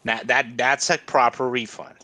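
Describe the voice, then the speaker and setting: A man's voice: mid-range voice, flat delivery, moderate pace, bright, forceful tone. A man playing in a tabletop game, haggling and bickering playfully with the other players. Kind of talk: in-character banter at a tabletop game.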